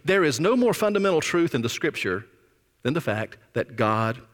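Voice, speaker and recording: A male pastor preaching a sermon with emphatic, drawn-out stresses, sometimes dropping almost to a whisper. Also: a little high, very animated, fairly bright tone, in a large hall. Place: church sanctuary.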